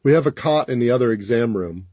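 A man reading an audiobook, voicing a practical, overworked country doctor who speaks in a calm, matter-of-fact way. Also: medium pitch, fast talker, slightly rough, dry recording.

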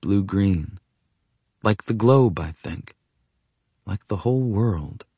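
A man reading first-person audiobook narration in a quiet, subdued, measured way. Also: fairly low pitch, lively intonation, slightly rough, dry recording, studio quality.

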